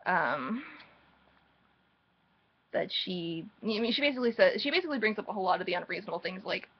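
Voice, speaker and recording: A woman vlogger talks through book chapters in a loose, rambling recap, tossing in snarky, mocking asides as she goes. Her voice sits at an ordinary middle pitch for a woman. The recording is a little muffled and lo-fi. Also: lively intonation, a little fast, slightly rough. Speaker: book reviewer. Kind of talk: casual sarcastic chapter recap.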